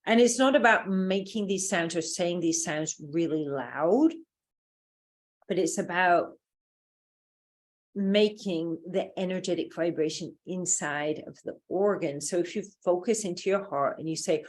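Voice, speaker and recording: A woman's voice: fairly low pitch, a little slow. A woman from England with a British accent, leading a group lesson and explaining in a loose, rambling way with many fillers. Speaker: workshop teacher.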